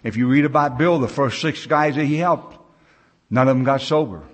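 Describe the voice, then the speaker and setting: A man's voice: mid-range voice, moderate pace. An older American man sharing a recovery story at a conference, a plain-spoken, folksy storyteller who acts out the voices of the people in his tale. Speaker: recovery meeting speaker. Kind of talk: personal recovery story told to a conference crowd. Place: large conference gathering.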